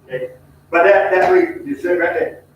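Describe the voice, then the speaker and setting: A high-voiced man teaches a Bible study in a folksy storytelling way, talking right to the group. He sounds far from the mic in a very echoey church. The recording is dull and muffled. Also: normal speed, slight background noise. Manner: folksy, talks to the group directly, mimics hollering.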